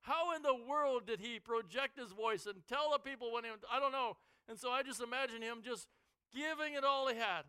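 A man delivers a sermon in a very high, bright and smooth voice, dropping low and quiet, then climbing to shouts. The sound is dry and close, from a headset mic. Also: fairly quick, no room sound. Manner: dramatic, swings from quiet to shouting. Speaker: preacher.

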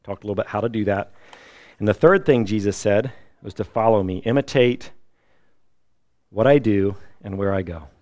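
A middle-aged man preaching a sermon, lively and emphatic, now and then acting out the people he quotes. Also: on the low side, normal speed, pauses often, no echo. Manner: animated preaching, acts out quoted voices. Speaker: pastor.

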